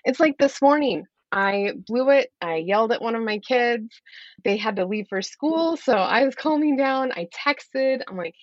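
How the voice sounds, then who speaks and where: A woman's voice: on the high side, lively intonation, brisk, a little mellow, no echo, lo-fi sound. A woman life coach talking earnestly as a podcast guest, explaining her methods and acting out what she says to her kids. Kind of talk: podcast interview.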